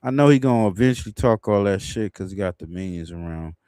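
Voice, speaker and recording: Low-voiced man rambling on a livestream. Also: animated, quick pace, warm tone, smooth, dry recording, studio quality. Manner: loose, rambling, laughs at his own jokes. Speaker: livestream host. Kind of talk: casual livestream commentary.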